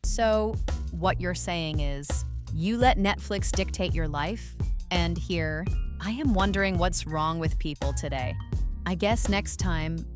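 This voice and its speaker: A woman hosting a reaction video, giving mocking, deadpan commentary on clips. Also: on the low side, slow, over music. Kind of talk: sarcastic commentary.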